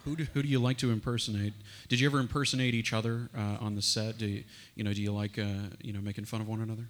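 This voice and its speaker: A man moderating a convention Q&A, firing off quick questions. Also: on the low side, level tone. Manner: rapid-fire questions. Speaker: panel moderator.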